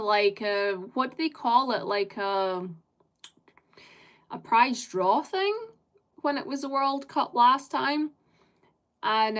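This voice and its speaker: A woman's voice: medium pitch, a bit bright. A British woman live-streaming, chatting casually with viewers in a rambling way and laughing often.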